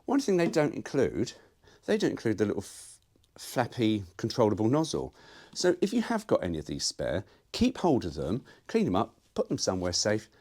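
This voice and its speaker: A man's voice: on the low side, huge pitch swings, moderate pace, darkish tone, breathy edge. A man talking casually to camera about working on his car, rambling and jokey with the odd swear word. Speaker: car vlogger. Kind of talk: casual workshop chat to camera.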